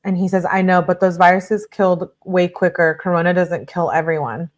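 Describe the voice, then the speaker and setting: As a true-crime host, a woman with a lowish, steady voice reads a series of text messages aloud. She moves through them briskly, pausing now and then for blunt comments of her own.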